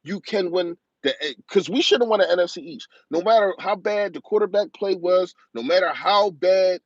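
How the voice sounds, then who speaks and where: The host of a live-stream sports show speaks in a high-sitting voice, recorded with no room sound and the highs cut off. An emotional fan, he delivers a rapid, rambling rant about his team, hammering his points through repetition.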